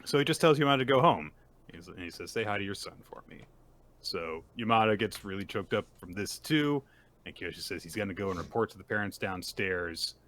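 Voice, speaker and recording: A man co-hosting a casual podcast, excitedly retelling a story and acting out the characters' lines. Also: deep voice, fairly quick, slight background noise. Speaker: podcast co-host. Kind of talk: casual chapter recap.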